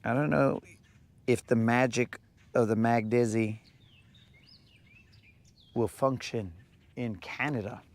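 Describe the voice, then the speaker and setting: A man's voice: medium pitch, steady tone, slow pace, long pauses. A man chatting casually and joking with slang while fishing from a boat on a lake. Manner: laid-back, slangy, joking. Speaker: fishing vlogger.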